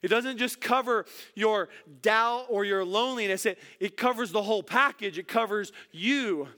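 A male pastor delivers a sermon in a high voice. His tone is bright and forceful. He moves from soft, gentle passages to emphatic peaks and often repeats his words. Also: normal speed.

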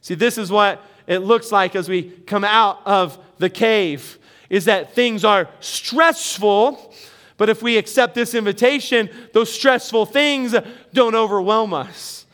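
A man's voice: sits high, takes it slowly, a bit bright, smooth. A middle-aged man preaching a sermon as pastor, earnest and emphatic, with rising bursts of emphasis.

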